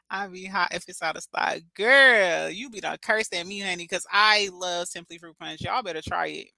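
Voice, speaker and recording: A woman's voice: lowish voice, a little slow, vocal fry, bright, forceful tone, no room sound. A young woman hosting a casual livestream, talking to her chat in a chatty, dramatic way with lots of slang. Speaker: livestream host reading chat.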